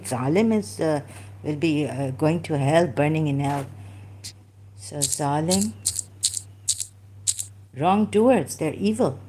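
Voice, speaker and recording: Woman, deep voice, unhurried, hesitant, thinking aloud, lots of fillers, casual monologue. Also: warm tone, a little hiss or hum. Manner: hesitant, searching aloud with many fillers and restarts. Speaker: ex-Muslim commentator. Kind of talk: casual monologue while looking up verses.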